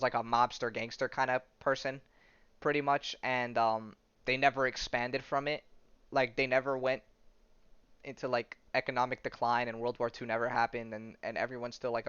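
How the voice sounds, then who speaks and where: A man's voice: mid-range voice, little pitch movement, brisk, fairly bright tone, clean tone, no echo. A man hosting a podcast, casually recapping a comic in a rambling way and laughing at his own jokes. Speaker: podcast host. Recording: dull lo-fi sound.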